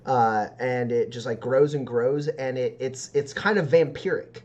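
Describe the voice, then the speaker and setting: Male game master, mid-pitched, loose, rambling scene narration. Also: a little slow, darkish tone, muffled recording. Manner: rambling, filler-heavy description.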